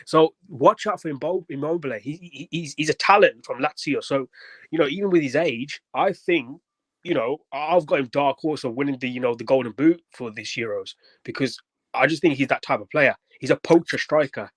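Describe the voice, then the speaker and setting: A man's voice: fairly high pitch, a little fast, fairly bright tone, slightly rough, no echo. A man calling into a football show, giving a rambling match reaction full of fillers. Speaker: caller.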